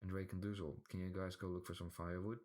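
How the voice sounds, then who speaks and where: A calm, steady leader who lays out plans in a very deep voice, as a man reads him out. Storybook hero's guide. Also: quick pace, lightly acted.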